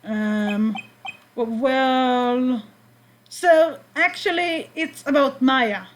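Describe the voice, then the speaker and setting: A woman's voice: sits high, extremely slow, noisy background. A woman with an Israeli accent voicing an awkward, hesitant young male lawyer from a game. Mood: flustered.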